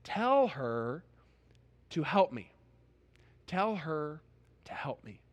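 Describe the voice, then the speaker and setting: A man's voice: on the high side, sing-song, very slow, full character voice. A man voicing an indignant overworked woman. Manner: complaining, pleading. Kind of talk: acted quote in a sermon.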